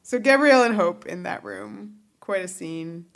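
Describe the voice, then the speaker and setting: A woman's voice: lowish voice, lively intonation, normal speed, creaky. A woman co-hosting a podcast, recapping scenes of an episode in casual chat and laughing along. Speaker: podcast co-host.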